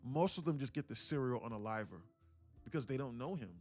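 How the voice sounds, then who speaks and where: A man talks a little fast over faint music while hosting a day-trading livestream. He's animated and slangy, acting out little scenes with voices, then dropping to a low mutter when he reads the chart.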